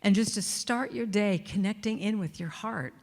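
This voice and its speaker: A middle-aged woman gives a spiritual talk in a relaxed, conversational way, full of asides and playful emphasis. Her voice is mid-pitched and carries the long reverb of a large church hall. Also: moderate pace. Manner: warm, chatty, playful, acts out quotes and sings snippets. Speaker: inspirational speaker and singer.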